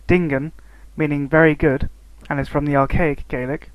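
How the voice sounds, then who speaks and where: Guy reading out a lesson script, kinda high voice, dead dry close mic. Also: flat delivery, clean tone, no room sound, low-quality recording. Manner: reads steadily from a prepared script, slowing on example words. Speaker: student narrator. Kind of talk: scripted educational narration.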